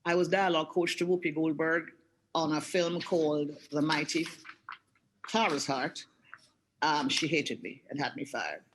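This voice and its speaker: A woman's voice: sits low, a little slow, rough recording. A Jamaican woman in her sixties, an art director telling stories on a webinar video call in a chatty way, often restarting her sentences. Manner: chatty storytelling with frequent restarts. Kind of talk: anecdotal webinar talk.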